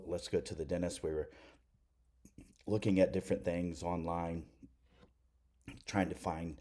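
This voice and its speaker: A man's voice: low voice, dark tone, slightly rough. A middle-aged man, a preacher, rambling through a self-deprecating story to the camera with lots of restarts.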